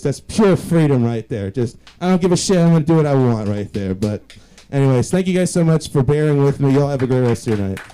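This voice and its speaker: Young male stand-up, dark mellow tone, self-mocking storyteller. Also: fairly high pitch, clear, resonant tone, poor audio. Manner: self-deprecating, rambling storytelling. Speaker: stand-up comedian. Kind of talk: stand-up set.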